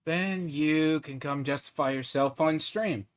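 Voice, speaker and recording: A man's voice: a little high, a little slow, clean tone. A man streaming a game, trash-talking and mocking another player in casual, swearing chat. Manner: taunting, mocking, swears freely.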